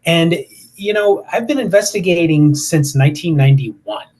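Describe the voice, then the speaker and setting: Man in his fifties, husky voice, rambling storyteller, podcast guest. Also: a little high, lively intonation, moderate pace, a little mellow. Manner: rambling, many fillers and restarts. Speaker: paranormal investigator guest. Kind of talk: casual storytelling interview.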